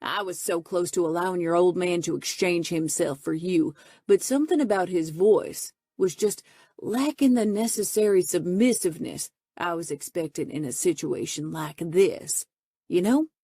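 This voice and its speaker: A woman's voice: lowish voice, normal speed, dark tone, husky, no room sound, clean studio sound. A woman narrator voicing a menacing, gloating male biker gang boss who taunts his captive. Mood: sneering. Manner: sneering, taunting.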